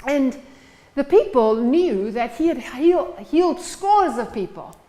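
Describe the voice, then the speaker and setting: A woman's voice: sits high, expressive, takes it slowly, mellow, rough recording. A woman preaching a sermon in church, retelling stories and acting out the scenes. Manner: storytelling, acts out the scenes.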